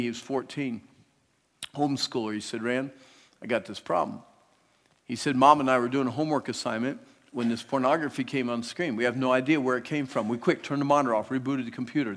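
Man preaching to teens in a hall. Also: mid-range voice. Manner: animated, swings from hushed to loud. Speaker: youth speaker. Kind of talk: sermon to teens. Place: large hall. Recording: long hall reverb.

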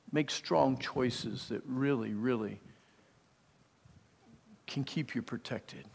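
A middle-aged man preaching a sermon, emphatic, moving from hushed, intimate lines to loud bursts, with storytelling asides. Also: medium pitch, slow pace, vocal fry, long pauses, breathy edge, long reverb tail. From Pennsylvania.

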